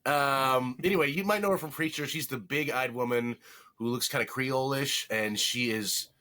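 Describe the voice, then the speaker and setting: A man chats casually as a podcast co-host, rambling through his thoughts and catching his own slips with a joke. His voice is bright and forward, at a middle pitch. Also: normal speed. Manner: rambling, self-correcting, jokey. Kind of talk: casual movie review chat.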